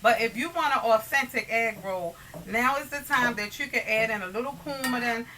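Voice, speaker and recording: This cooking channel host talks at normal speed in a high-leaning, pushed and bright voice, keeping things chatty and homey and saying "you guys" often. Dishes, pots and pans clink behind her in her home kitchen. It's a rough recording with a little hiss or hum.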